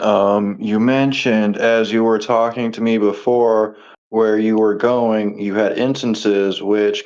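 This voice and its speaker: A man reading a judge's questions to witnesses in a measured manner. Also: on the low side, a little mellow, close to an everyday voice. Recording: dull lo-fi audio.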